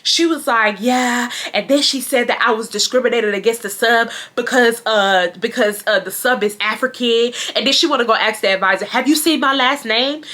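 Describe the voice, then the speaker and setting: A woman's voice: fairly high pitch, a little fast, few pauses. A woman, telling a casual storytime with slang and swearing. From Houston, Texas. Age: 20s. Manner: animated, slangy, swears freely. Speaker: storytime vlogger.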